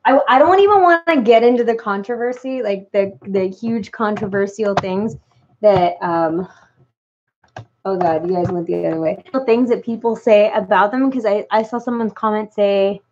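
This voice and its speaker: A woman's voice: mid-range voice, normal speed, a little mellow, lo-fi sound, a little hiss or hum. A woman chatting casually to her viewers, rambling with many "like"s and false starts. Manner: rambling with many likes and restarts. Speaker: doll collector vlogger. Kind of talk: casual unscripted chat.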